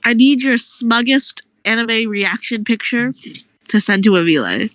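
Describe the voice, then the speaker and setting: A woman's voice: a little high, lively intonation, a little slow, a bit bright, no echo. Chatty woman on a dry mic. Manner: chatty, laughs often between lines. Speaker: friend in a gaming chat. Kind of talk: casual chat.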